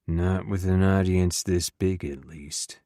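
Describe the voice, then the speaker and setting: A man's voice: low voice, moderate pace, dry recording, studio quality, natural voice. A man voicing Cohen, a menacing alpha werewolf. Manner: easygoing yet assertive, quietly threatening. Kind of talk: audiobook character voice.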